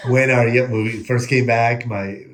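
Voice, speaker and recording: A man's voice: medium pitch, steady tone, moderate pace, echoey room, a crowd in the background. A man hosting a podcast, chatting casually and laughing through his stories. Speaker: podcast host. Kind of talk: casual interview chat.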